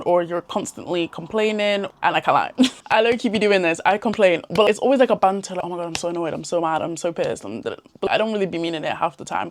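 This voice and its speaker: A young woman giving casual, chatty advice to camera in a slangy way. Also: medium pitch. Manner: chatty and slangy, laughs often. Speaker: self-improvement vlogger.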